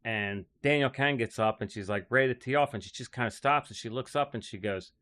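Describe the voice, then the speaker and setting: A man's voice: medium pitch, fast, sharp tone. A man telling casual stories about his time as a caddie. He rambles, says "like" often and laughs as he goes. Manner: rambling, heavy use of "like", frequent laughs. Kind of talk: casual storytelling.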